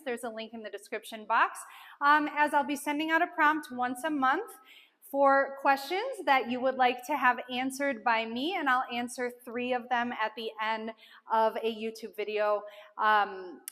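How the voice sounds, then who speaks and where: Bright high-voiced woman teaching dance. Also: in a large hall. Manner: chatty and encouraging, counts beats aloud with filler ums. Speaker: dance instructor. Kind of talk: dance lesson, counting out moves.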